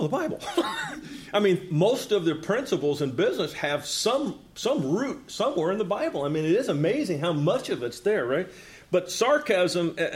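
Male co-host, casual scripture discussion, expressive pitch, laughs easily. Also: husky. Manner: animated, conversational, laughs often. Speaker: co-host of a Bible study talk. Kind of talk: casual Bible study chat.

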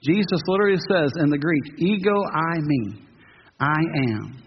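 A man's voice: fairly high pitch, lively intonation, fast talker, slight background noise. A man in his fifties preaching a sermon in a church, earnest and rising to emphatic peaks, with joking asides to the congregation. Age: 50s. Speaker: pastor. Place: church sanctuary. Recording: dull audio with long hall reverb.

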